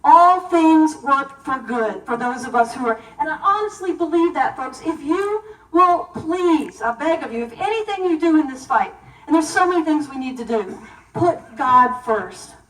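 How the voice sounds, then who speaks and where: A middle-aged woman giving an animated, emphatic storytelling speech as keynote speaker at a banquet. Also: high voice, moderate pace. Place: banquet hall. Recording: echoey hall, voice from far off.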